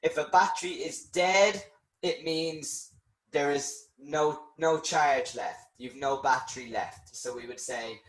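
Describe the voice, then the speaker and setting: A man teaching an English lesson in a live stream, answering viewers' questions with patient explanations. His voice sits a little high and he speaks very slowly. The sound carries a noticeable roomy echo. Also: fairly bright tone.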